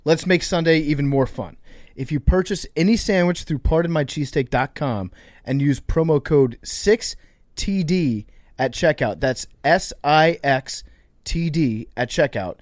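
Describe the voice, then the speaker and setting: A man's voice: a little high, darkish tone, no echo. Dry-voiced man teasing his co-host. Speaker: podcast co-host. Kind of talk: casual chat and read ad.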